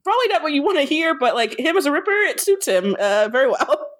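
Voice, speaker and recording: A woman's voice: sits high, big pitch swings, quick pace, no room sound. An American woman co-hosting a podcast, chatting casually about a TV show, giggly and full of fillers. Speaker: podcast co-host. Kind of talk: casual recap chat.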